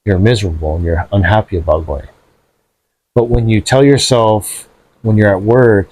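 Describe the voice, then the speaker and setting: A man chatting casually on a podcast, animated and profane, dropping bro and dude often. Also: lowish voice, normal speed, dry recording.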